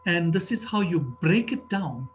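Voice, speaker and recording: Slow, methodical man teaching. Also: high-pitched, lively intonation, slight background noise. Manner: methodical, talks through each step while typing. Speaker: programming teacher. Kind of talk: screen-recorded coding tutorial. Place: at a computer, narrating over a screen recording.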